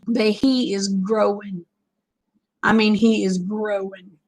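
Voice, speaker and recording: A woman, chatting casually with viewers on a livestream, folksy and quick to laugh. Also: medium pitch, level tone, a little mellow, poor audio. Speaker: livestream host.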